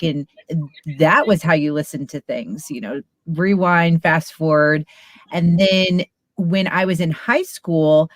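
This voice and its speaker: A woman's voice: lowish voice, dry recording, studio quality. A woman who used to host radio, chatting easily as a podcast guest, laughing often and telling stories. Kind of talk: casual interview chat.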